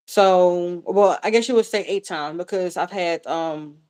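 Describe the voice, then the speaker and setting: A woman in her thirties with a lowish, darkish voice speaks unhurriedly while answering viewer questions in a casual live chat. The vlogger is candid and chatty, full of fillers and swearing, rambling and repeating herself.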